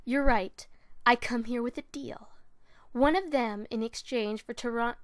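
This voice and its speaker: A woman voicing a scheming villain, drawing out each line slowly, recorded in a bedroom. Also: fairly high pitch, lightly acted. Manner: slow, drawn-out delivery. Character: sly scheming villain, evil chuckle.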